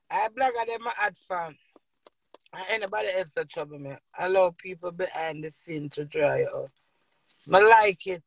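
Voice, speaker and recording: Speaking in patois with a Jamaican accent, a middle-aged vlogger from Jamaica goes on a boisterous, casual rant to viewers and laughs a lot. Her pitch is fairly low and creaky, and there's no room sound.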